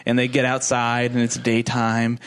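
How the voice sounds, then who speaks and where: A man of ordinary pitch retells a movie plot to friends on a casual podcast. He rambles, laughs often and swears freely as he acts out the characters' lines. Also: completely flat delivery, normal speed, fairly bright tone, clear, resonant tone. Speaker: podcast co-host. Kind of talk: casual movie recap chat.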